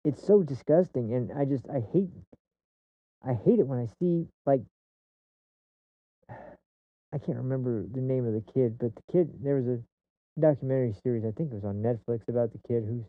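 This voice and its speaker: A podcast host rambles through a casual commentary monologue off the cuff, full of restarts and fillers, swearing when he gets heated. His medium-pitched voice moves at a normal speed with frequent pauses. The sound is dry and tinny, phone-like, with no room sound.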